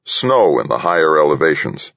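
A man voicing a gruff, weary middle-aged male meteorologist who growls and grumbles his lines. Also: extremely low pitch, big pitch swings, moderate pace, fairly bright tone, no room sound, lo-fi sound, heavily acted. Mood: grumbling.

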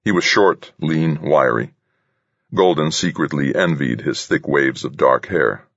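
A man narrating a novel in a measured, even way, his voice extremely low and husky. The sound is dry and a little dull, with no room around it. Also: no echo. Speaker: audiobook narrator. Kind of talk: scripted narration.

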